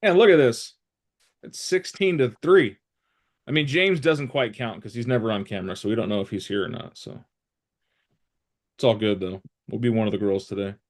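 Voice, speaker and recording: A man's voice: lowish voice, moderate pace, pauses often. A man hosting a casual morning team video call, upbeat and teasing. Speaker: host of a morning team meeting. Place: home, working remotely.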